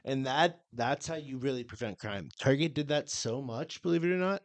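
A young man co-hosting a podcast who tells stories in an animated, profane way during casual chat. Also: medium pitch, moderate pace, no echo. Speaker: podcast co-host.

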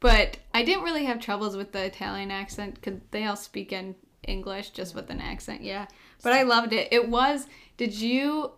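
A young woman with an everyday mid-range voice hosts a relaxed podcast chat. She is chatty, drifts into her own stories and laughs easily. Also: medium pitch, normal speed. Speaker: podcast host. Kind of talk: casual chat.

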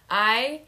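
A woman's voice: high-pitched, sharp tone, a little hiss or hum. A young woman co-hosting a podcast in casual chat, rambling with lots of fillers and giggles. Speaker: podcast co-host.

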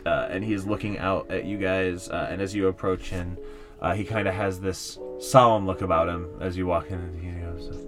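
A man's voice: low-pitched, fairly even intonation, moderate pace, music in the background. A man narrating as game master in a casual, rambling way with lots of fillers.

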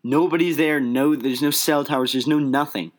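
A man's voice: a little high, steady tone, moderate pace. A man giving casual, sarcastic, exasperated commentary while reacting to a film. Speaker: reaction video host.

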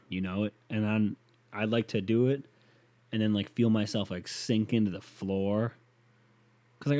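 Guy doing a solo podcast, lowish warm voice, rambly and sweary, goes from ranting loud to mumbling. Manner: rambling and profane, swings from loud rants to muttered asides. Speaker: podcast host. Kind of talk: solo podcast monologue answering listener email.

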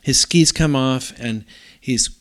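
A middle-aged man co-hosting a podcast, telling a long story in a rambling, animated way with many restarts. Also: mid-range voice, slow pace. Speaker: podcast co-host. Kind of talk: casual storytelling chat.

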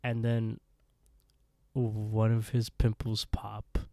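Guy on a podcast walking through a horror story, slow and mellow, dry close sound. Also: fairly low pitch, no room sound. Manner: relaxed storyteller acting out lines, laughs often. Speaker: podcast co-host. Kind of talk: casual chat retelling a horror story.

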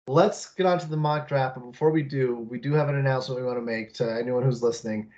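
A man's voice: mid-range voice, steady tone, normal speed, a little mellow. Guy hosting a sports podcast, lots of uhs and likes, kinda muffled audio. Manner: rambling, with many fillers and laughs. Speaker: podcast host. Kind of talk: casual sports podcast chat. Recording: slightly muffled mic.

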